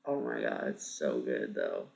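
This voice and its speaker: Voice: rumbling low, wildly swooping pitch, unhurried, creaky, a little mellow. A streamer around thirty chatting casually with viewers, thinking aloud and swearing freely. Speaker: live streamer.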